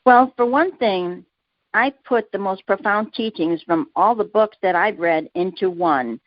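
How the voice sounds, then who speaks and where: An earnest woman, a guest author, answers interview questions in a mid-pitched voice and slips into little personal stories. The sound is dry and somewhat muffled, with a lo-fi edge. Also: a little slow, dry recording. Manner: earnest, laughs easily, tells personal anecdotes.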